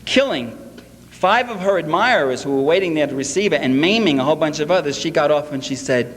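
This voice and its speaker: Man, sarcastic public speaker, fairly high voice, live lecture in a reverberant hall. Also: a little fast. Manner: sarcastic, animated, mocks quotes. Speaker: political lecturer. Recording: echoey hall, faint hiss.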